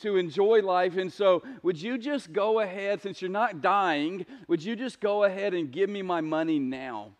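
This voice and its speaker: Guy putting on a pushy young son wanting his money now, kinda high voice. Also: normal speed, hardly any pauses, close to an everyday voice. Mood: demanding. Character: brash young man demanding his inheritance.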